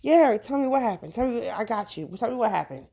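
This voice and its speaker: God as a fierce, protective mama bear, played by a woman storyteller, speaking in a lively, fairly high voice. The tone is blunt and loving, with comfort and swearing in the same breath. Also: fairly quick, gravelly. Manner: blunt, protective, scolding with profanity.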